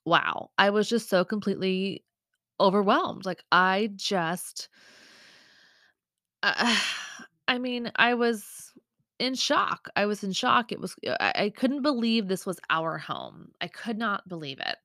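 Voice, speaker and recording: A woman's voice: medium pitch, lively intonation, slow, bright, forceful tone, dry recording. Chatty woman podcast host, close and dry. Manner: chatty and emotional, many fillers and asides. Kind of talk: casual storytelling chat.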